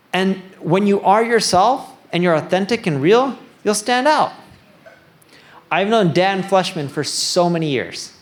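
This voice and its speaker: A man giving a conference keynote in a casual, self-deprecating way, plain-spoken and a bit nerdy, with a joking tone. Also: sits high. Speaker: keynote speaker. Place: conference stage before an audience.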